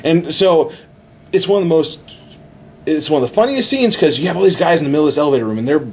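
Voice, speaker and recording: A man in casual podcast chat, retelling a movie plot excitedly with many restarts. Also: fairly high pitch, quick pace, slightly rough. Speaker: podcast host.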